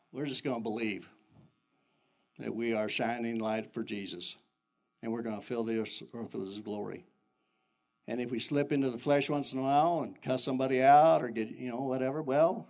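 An older man who is a pastor, giving an animated sermon full of personal stories that jump in pitch. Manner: animated storytelling with sudden pitch jumps and chuckles.

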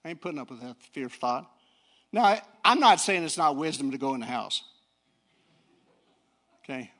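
A middle-aged male preacher giving a folksy sermon, swinging from low talk to fiery shouting. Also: animated, normal speed. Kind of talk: sermon with personal story.

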